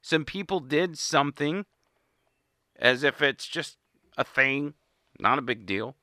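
A man's voice: mid-range voice, animated, slow pace, bright, forceful tone, no echo. A man giving an indignant, sarcastic political monologue as host, recorded in a small studio. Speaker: political commentator. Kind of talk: opinionated monologue.

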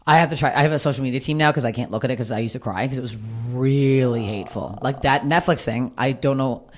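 A woman comedian talking bluntly and swearing freely in a candid conversation, with a low voice. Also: fast talker. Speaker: comedian and podcast guest.

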